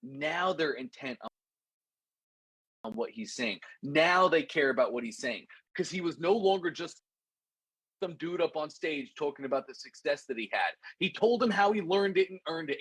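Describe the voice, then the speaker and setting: A man teaching a course, telling a lesson story in an animated, repetitive way and calling his listeners "guys". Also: a little high, moderate pace, breathy edge, no echo. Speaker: course instructor.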